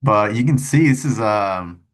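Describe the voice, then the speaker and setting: A young man giving casual, rambling commentary on stock charts, cussing and tossing in quick asides. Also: lowish voice, animated. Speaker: stock trading streamer.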